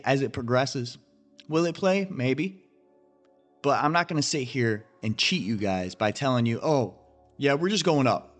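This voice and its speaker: A man's voice: medium pitch, a bit bright. Blunt, profane man ranting over charts. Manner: blunt, profane, emphatic, talks straight to viewers. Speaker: crypto trading channel host.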